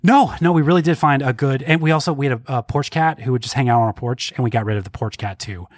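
A man's voice: medium pitch, fast talker, no room sound. A man co-hosting a casual pop culture podcast, wry and self-deprecating. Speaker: podcast co-host.

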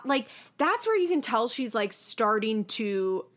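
A young woman co-hosting a casual chat recap with a lively, swooping delivery. Her voice sits fairly high. She slips into exaggerated voices when she quotes people. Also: a little slow, few pauses. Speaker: podcast co-host.

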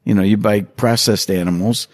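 A middle-aged man being interviewed, telling stories in a casual, animated way and acting out quotes with big jumps in voice. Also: lowish voice, normal speed, no echo, clean studio sound. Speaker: hunter and hunting instructor, interview guest.

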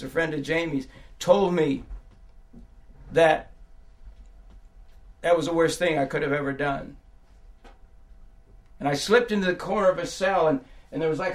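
High-voiced older man preaching emotionally. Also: normal speed, pauses often. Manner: swings from hushed storytelling to crying shouts. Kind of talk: sermon testimony.

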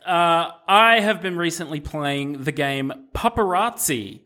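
A man's voice: on the high side, expressive, measured pace, bright, forceful tone, a little hiss or hum. A man co-hosting a casual game podcast, making dry, wry remarks. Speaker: podcast co-host. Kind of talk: casual chat.

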